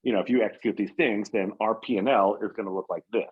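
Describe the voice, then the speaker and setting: A man with a low, husky voice speaks as a guest on a podcast. He talks in an earnest, rambling way, full of fillers and false starts. The audio sounds muffled and lo-fi. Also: fairly even intonation, fast talker. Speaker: painting company owner, guest. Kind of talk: casual podcast interview.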